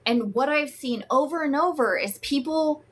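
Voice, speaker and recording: A woman's voice: high-pitched, moderate pace. A woman coaching viewers through a live-streamed talk. She is frank and emphatic, swears freely, and greets viewers by name. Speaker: host and emotional wellness coach.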